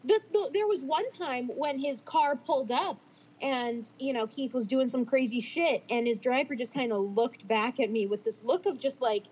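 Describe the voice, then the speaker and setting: Husky young woman co-hosting a podcast. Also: high voice, darkish tone, muffled recording. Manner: laughs easily, swears casually, reads quickly. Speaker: podcast co-host. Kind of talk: casual chat and reading stories aloud.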